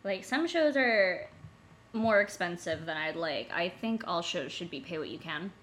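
A woman's voice: on the low side, expressive, unhurried, fairly bright tone. A young woman co-hosting a podcast, talking in casual chat and filling her sentences with "like". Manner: chatty, heavy use of "like". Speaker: podcast co-host.

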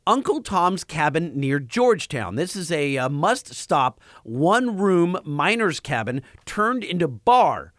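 A man's voice: fairly high pitch, sing-song, a little slow, hardly any pauses, fairly bright tone, dry recording, clean studio sound. Laid back guy co-hosting a podcast, reads out listener questions, voice jumps around a lot. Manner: easygoing, stumbles over names. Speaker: podcast co-host. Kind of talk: casual chat reading listener mail.

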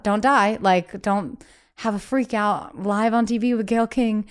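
A young adult woman talks candidly as a guest on an interview show. Her voice is smooth and clear at a middle pitch. She keeps up a chatty flow full of "like" fillers and acts out the voices of people she quotes. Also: normal speed. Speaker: singer-songwriter guest.

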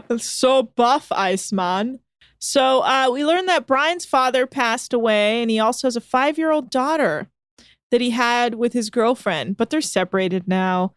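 A woman co-hosting a podcast, recapping a show in casual chat with animated, sarcastic, profane storytelling. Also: fairly high pitch, unhurried, clear, resonant tone, no room sound, studio quality. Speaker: podcast co-host.

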